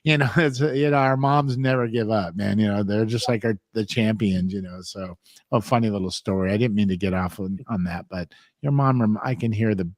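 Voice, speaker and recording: A man's voice: fairly low pitch, fairly quick, no echo, clean studio sound. A middle-aged man hosting a talk show, telling rambling stories in casual chat and filling his talk with "man" and "you know".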